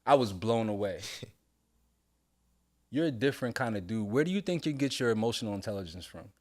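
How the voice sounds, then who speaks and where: A middle-aged man talking earnestly with his son on a casual podcast, heartfelt and sometimes breaking into loud laughing storytelling. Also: on the low side, expressive, brisk. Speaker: podcast co-host, father. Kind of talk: casual father-son conversation.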